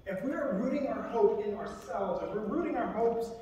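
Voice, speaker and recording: A high-voiced male military chaplain preaching a sermon. He keeps it conversational and gives the scripture quotes voices of their own. He is picked up from across a big chapel, with a long, ringing reverb and a faint hum behind him. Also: expressive, normal speed, dark tone, dull audio. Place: large chapel. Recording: echoey chapel from far off.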